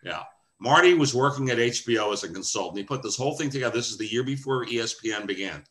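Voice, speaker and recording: An older man, a veteran sportscaster, joins a video call as a guest and spins wry anecdotes. His voice sits in the mid-range and he talks fast, telling his stories in a dry, animated way.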